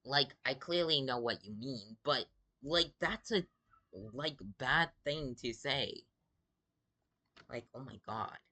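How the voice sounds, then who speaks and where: A man who is sick talks slowly and casually as he reads chat messages aloud. His voice is bright and sharp, with a medium pitch. He sounds exasperated and drawls, with "like" in almost every sentence. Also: lively intonation. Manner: exasperated, drawling, many "like" fillers. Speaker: gaming video creator. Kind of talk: casual commentary reading out game chat.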